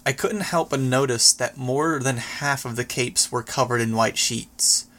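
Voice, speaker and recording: A man narrating a first-person story as an audiobook, reading in a steady, even way. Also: medium pitch, measured pace.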